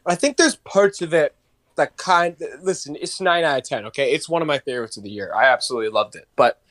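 A young man talks loosely on a podcast in a voice set a bit high. He rambles, swears and pads with fillers. The sound is close and dry. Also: animated, quick pace, a bit bright, no room sound. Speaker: podcast co-host. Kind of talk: casual chat.

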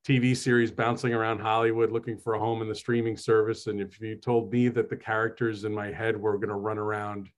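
A man's voice: lowish voice, flat delivery, fairly quick, hardly any pauses. A man from New Jersey, a host and author, telling stories in a casual, chatty, self-deprecating way with many fillers. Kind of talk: casual conversational storytelling.

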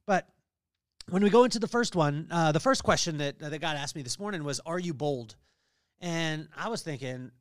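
A middle-aged man hosting a podcast, giving a lively motivational faith talk with family stories and scripture readings. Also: fairly high pitch, moderate pace, no echo, studio quality. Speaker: podcast host.

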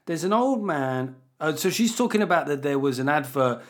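A man's voice: a little high, animated, normal speed. A man hosting a podcast, chatting casually in a rambling, sweary, sardonic way. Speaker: podcast host.

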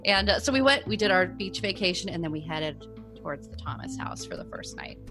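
Woman co-host, somewhat low voice, loose rambling storyteller, faint music behind. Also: lively intonation, a little fast, pushed and bright. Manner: rambling, frequent "like" fillers. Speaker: podcast co-host. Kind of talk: casual storytelling chat.

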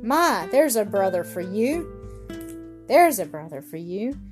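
Hearty frontier father, read by a woman: booming, jovial exclamations. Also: sing-song, unhurried, soft background music.

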